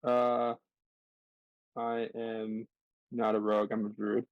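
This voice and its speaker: A man playing a tabletop game, slow and hesitant. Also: on the low side, little pitch movement, dry recording. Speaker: player. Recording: dull lo-fi sound.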